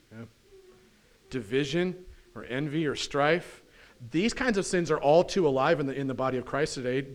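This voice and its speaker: A pastor preaching a conversational sermon in church, often putting questions to the congregation. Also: male voice, medium pitch. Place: church sanctuary.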